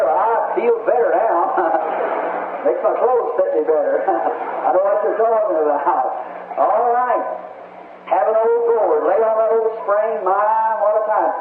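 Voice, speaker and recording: Middle-aged preacher guy, high voice, homespun and chatty, asks the crowd stuff, old tinny tape with hiss. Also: reverberant. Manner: homespun, chatty, asks the congregation questions and chuckles. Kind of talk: folksy sermon. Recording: tinny, lo-fi archival recording.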